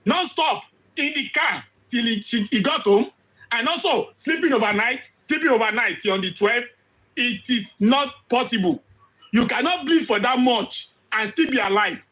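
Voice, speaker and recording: A man giving impassioned commentary, hoarse from losing his voice, firing off rhetorical questions and repeating phrases for emphasis. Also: extremely high pitch, lively intonation, moderate pace, pushed and bright, low-quality recording. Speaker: social commentator.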